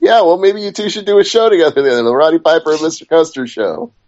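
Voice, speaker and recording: A man's voice: a little high, fast, a little mellow. A man co-hosting a casual wrestling podcast, chatty and steering the talk back to the topic. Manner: chatty, wanders off topic then reins it back. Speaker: podcast co-host. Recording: dull lo-fi podcast audio.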